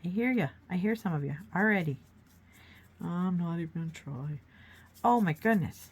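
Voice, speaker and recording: A woman's voice: on the low side, lively intonation, normal speed, long pauses, husky. Chatty encouraging woman painting aloud. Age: adult, grown child of a mother who paints. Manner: chatty, encouraging, thinking aloud while working. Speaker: art tutorial host. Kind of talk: casual painting demonstration.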